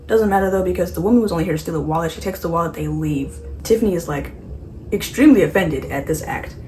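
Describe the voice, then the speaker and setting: A woman's voice: lowish voice, quick pace, darkish tone, a little hiss or hum. A woman casually recapping a horror movie while doing her makeup, rambling, correcting herself and tossing in sarcastic asides. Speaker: beauty vlogger.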